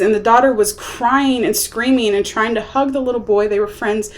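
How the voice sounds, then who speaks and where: A woman's voice: on the high side, normal speed, hardly any pauses. A woman giving a casual, exasperated movie review, acting out quotes in mocking voices. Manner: animated, exasperated, acts out quotes.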